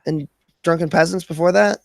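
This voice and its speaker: A man's voice: on the high side, fairly even intonation, fairly quick, vocal fry, a little mellow. A man hosting a casual livestream chat, crude and self-mocking, swearing constantly. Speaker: livestream host.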